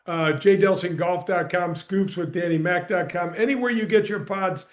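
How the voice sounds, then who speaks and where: A middle-aged man tells his story on a podcast with energy and emphasis. His voice sits high for a man. He punches key words and keeps the telling moving. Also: moderate pace. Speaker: podcast guest, former pro golfer and radio host. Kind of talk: animated storytelling in conversation.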